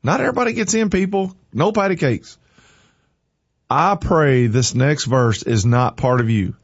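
A man's voice: on the high side, lively intonation, normal speed, no echo, lo-fi sound. A man hosting a morning show, chatting folksy and then preaching with energy. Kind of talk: casual chat turning to preaching.

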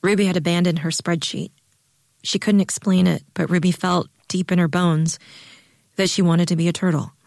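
A woman narrating a story in a calm, even reading voice. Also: lowish voice, moderate pace, creaky, no room sound, studio quality. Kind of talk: audiobook narration.

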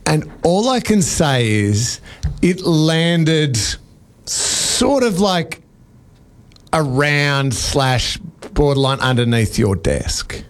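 A man's voice: fairly high pitch, very animated, very slow. A man, a radio breakfast host, telling a rambling, self-mocking story in casual studio banter.

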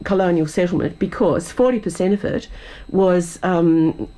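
A woman with a husky voice from a cold, explaining local history as a radio guest. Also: fairly low pitch, steady tone, normal speed, mellow, rough recording. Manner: storytelling, explanatory. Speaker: author guest. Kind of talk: radio interview.

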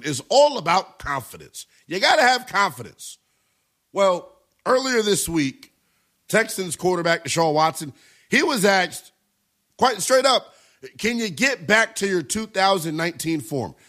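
A man's voice: fairly high pitch, fairly bright tone. A man hosting a sports talk radio show, giving brash, emphatic opinions and taking calls.

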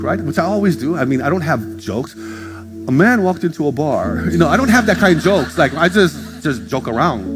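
Standing before a congregation in church, a man with a voice on the high side preaches a sermon as pastor. He tells stories casually, jokes with the congregation, and acts out other voices, while music plays underneath.

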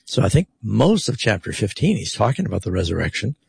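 A man's voice: lowish voice, big pitch swings, fast, vocal fry, darkish tone, slightly rough, no room sound. A man hosting a radio call-in show, explaining Bible verses with strong rhetorical emphasis. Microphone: studio radio mic.

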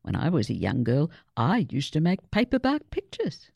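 A woman voicing a gentle, wise old grandmother who speaks kindly and encouragingly. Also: low-pitched, huge pitch swings, normal speed, creaky, husky, dry recording, full character voice.

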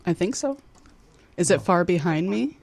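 A woman's voice: fairly low pitch, expressive, normal speed, creaky, darkish tone, breathy edge. A woman co-hosting a radio show, chiming in with short amused remarks during casual banter.

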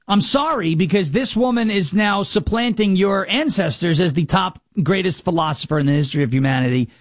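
A man's voice: high-pitched, fairly quick, no room sound, clean studio sound. A man hosting a talk show, mocking and sarcastic as he comments on played clips.

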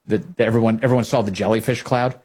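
A man's voice: lowish voice, steady tone, quick pace, a little mellow, slightly rough. A man hosting casual political commentary, talking in a sarcastic, mocking way.

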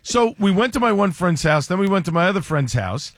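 A man's voice: high-pitched, brisk. A middle-aged man co-hosting a show, chatting casually and acting out both sides of the conversations he retells. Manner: animated storyteller who acts out both sides of quoted dialogue. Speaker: radio show co-host. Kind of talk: casual morning-show banter.

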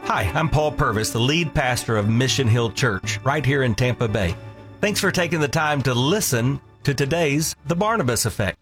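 A man's voice: medium pitch, lively intonation, moderate pace, a bit bright. A male pastor reading a scripted radio appeal for donations in a friendly, earnest way. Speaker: lead pastor. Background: faint music bed.

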